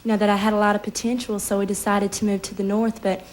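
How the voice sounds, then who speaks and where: A woman's voice: medium pitch, level tone, fast talker, slight background noise. A young woman contestant on a game show, polite and eager, explaining simply.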